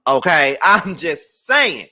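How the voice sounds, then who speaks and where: A man's voice: fairly high pitch, takes it slowly. A man hosting a casual celebrity gossip show, theatrical and dramatic. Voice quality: theatrical, animated. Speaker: show host.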